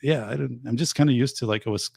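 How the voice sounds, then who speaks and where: A man's voice: mid-range voice, fast talker, gravelly, breathy edge, no echo. A man, hosting a show and telling rambling stories in casual chat. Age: 50s. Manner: animated rambling storyteller. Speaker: show host and teacher.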